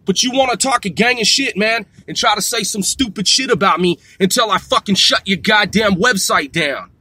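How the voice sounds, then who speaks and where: A man's voice: sits high, normal speed, bright, forceful tone, breathy edge, no echo. A man in his forties ranting to camera, boastful and trash-talking, swearing constantly and tacking "man" onto his lines. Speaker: vlogger. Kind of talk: profane boastful rant to camera.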